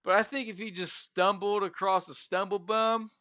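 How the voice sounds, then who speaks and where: A brash man hosting a podcast, crude and joking. His voice sits fairly high and bright, recorded dry and slightly dull on a headset. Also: fairly even intonation, moderate pace, dry recording. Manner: brash, crude teasing, laughs a lot. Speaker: podcast host. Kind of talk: casual chat.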